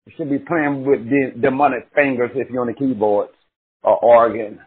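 A man preaching a sermon with passion, swinging from shouted cries to hushed murmurs and drawing out words slowly. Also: medium pitch, fairly even intonation, breathy edge. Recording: tinny phone-like recording.

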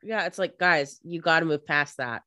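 A woman's voice: low voice, normal speed, pushed and bright, no room sound, studio quality. A woman co-hosting a podcast, making joking, sarcastic asides in casual chat. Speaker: podcast co-host.

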